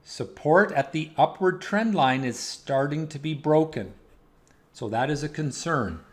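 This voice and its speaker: A man's voice: a little high, expressive, measured pace. A man hosting a weekly market analysis, steadily talking through charts with casual asides.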